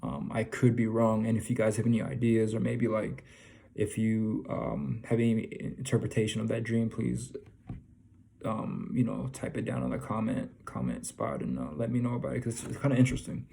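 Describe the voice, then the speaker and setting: A man's voice: on the low side, moderate pace, vocal fry, warm tone. A young man casually telling viewers about a dream, rambling with many fillers and restarts. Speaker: video creator telling a dream. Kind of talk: casual storytelling to camera.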